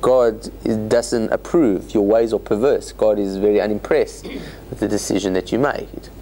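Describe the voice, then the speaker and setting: A man teaching a Torah study class as a rabbi, explaining scripture in an animated way with joking asides. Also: on the low side, moderate pace, a little hiss or hum. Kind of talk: informal Bible lecture.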